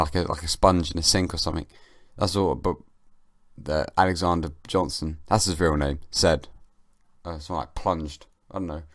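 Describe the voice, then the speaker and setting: Young guy hosting his own podcast at home, half-asleep, deadpan rambling comedy; low voice, dry room. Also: dry recording. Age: young adult. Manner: rambling, deadpan comic musing. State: sleepy, just woken. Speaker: podcast host. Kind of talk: casual solo monologue. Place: at home, downstairs.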